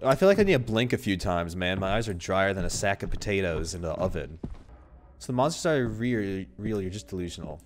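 A young man streams a horror game, cracking jokes and yelping at the scares in a low, sing-song voice. He talks a little fast, jumpy and joking, with yelps and shouts, and there's a slight hiss or hum on the audio.

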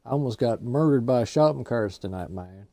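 A man's voice: medium pitch, lively intonation, moderate pace, dark tone, no room sound, lightly acted. A man voicing a laid-back redneck buddy who rambles and ends every phrase with "man". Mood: rambling. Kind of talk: gameplay commentary banter.

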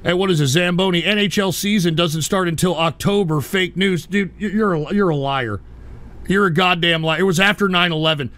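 Male live-streamer, higher voice, dry sound, reading chat and snapping back at trolls. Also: normal speed, fairly bright tone, dry recording. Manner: exasperated, ranting at chat.

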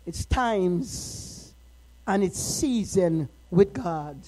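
A middle-aged woman minister preaching a sermon, moving from quiet, personal talk to impassioned shouting. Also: on the low side, expressive, very slow, rough recording.

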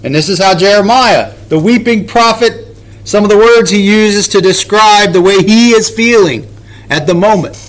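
A man's voice: high voice, normal speed, rough recording. A man leading a casual Bible study, paraphrasing scripture in everyday words with emphatic, conversational delivery.

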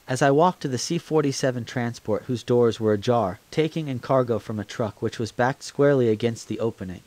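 A man's voice: mid-range voice, darkish tone, dry recording. Man reading a memoir aloud. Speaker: audiobook reader. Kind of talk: audiobook memoir narration.

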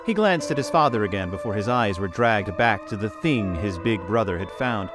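A man's voice: fairly low pitch, lively intonation, normal speed. Man narrating a horror story over music. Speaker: story reader.

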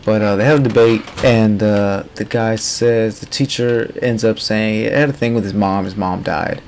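A man's voice: lowish voice, steady tone, normal speed, darkish tone, slight background noise. A man giving casual, rambling commentary while playing a game. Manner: rambling, loose and chatty. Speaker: gaming streamer.

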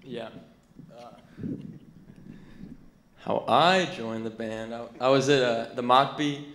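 Man, band member, halting, uncertain, medium pitch, roomy echo. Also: fairly even intonation, fairly bright tone, slight background noise. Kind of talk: casual interview answers.

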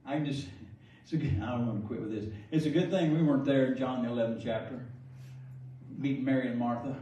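A man's voice: mid-range voice, quick pace, mellow, dull audio. Male preacher, joking storyteller, distant mic in a reverberant sanctuary, faint room hum. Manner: jokey storytelling, laughs often. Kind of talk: preaching a sermon. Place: large church sanctuary. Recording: echoey hall from far off.

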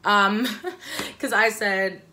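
A young woman with a bright, forward voice at a middle pitch tells a story to camera in a loose, rambling way. She swears freely and fills gaps with likes and ums. When she quotes herself, her voice jumps shrill and loud. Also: fairly even intonation, extremely slow. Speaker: vlogger telling a personal story. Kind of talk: casual storytime monologue.

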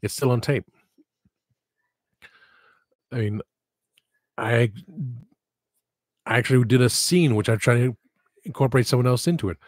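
A man's voice: medium pitch, unhurried, pauses often, dry recording, studio quality. A man hosting a livestream, chatting in a rambling, digressive and self-deprecating way. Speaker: livestream host. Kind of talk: casual livestream chat.

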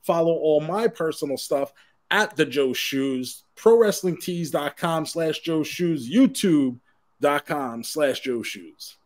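A man's voice: on the high side, expressive, slow. A man co-hosting a casual podcast, joking around easily and reading out the show's closing plugs. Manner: easygoing, joking, wraps up the show with plugs. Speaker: podcast co-host. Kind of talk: casual chat.

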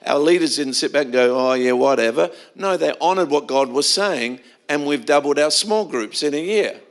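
A man's voice: a little high, expressive, moderate pace. A middle-aged man preaching a sermon in a church, telling stories in a conversational way with frequent restarts. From Australia. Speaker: pastor.

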